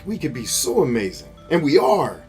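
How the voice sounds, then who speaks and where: A man's voice: mid-range voice, sing-song, moderate pace, darkish tone, faint music behind. A man giving rambling, philosophical commentary while playing a video game, swearing freely as he rants. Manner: profane, ranting, philosophical. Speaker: gameplay commentator. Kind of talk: rambling commentary over gameplay.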